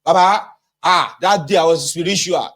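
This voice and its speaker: A man voicing a male voter with a Nigerian accent, telling his story in an animated, mock-devout way. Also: high-pitched, measured pace, pitched above the performer's own voice. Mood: boastful. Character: boastful male voter claiming spiritual vote-buying.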